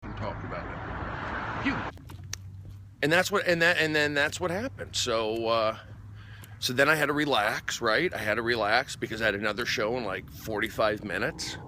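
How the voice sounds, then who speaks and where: A man's voice: mid-range voice, expressive, moderate pace, slight background noise. A man, a comedian, telling a story on a casual phone livestream, rambling and restarting his sentences, and getting worked up. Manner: rambling, repeats himself, restarts phrases; gets worked up and loud.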